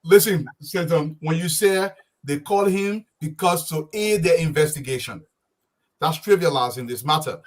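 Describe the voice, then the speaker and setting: Forceful man in a debate. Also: fairly high pitch, moderate pace. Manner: forceful, insistent, lecturing. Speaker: panelist. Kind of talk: heated political talk show debate.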